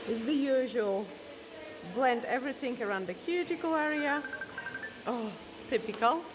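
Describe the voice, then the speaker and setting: A nail technician whose first language is Polish chats her way step by step through a nail tutorial while she works, her voice fairly high and at a normal speed. She's losing her voice, and a hair dryer whirs in the background.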